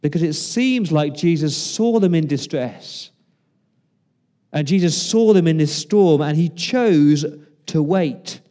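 A man delivers a sermon in a mellow, relaxed voice that sits a little high. He talks to the congregation like a friend, throws out rhetorical questions and pauses for effect. He slips into quoted lines with a shifted voice. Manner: conversational preaching with rhetorical questions and dramatic pauses. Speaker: pastor.

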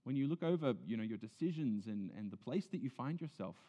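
A male pastor preaching a sermon earnestly, moving between loud emphasis and hushed, near-whispered lines. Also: medium pitch, lively intonation, quick pace. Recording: dull sound in a big reverberant hall.

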